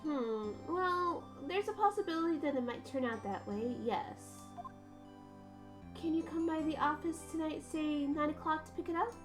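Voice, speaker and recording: A woman voicing a calm young lawyer who speaks gently and in a measured way to her little sister. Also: sits high. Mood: gentle. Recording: game music behind.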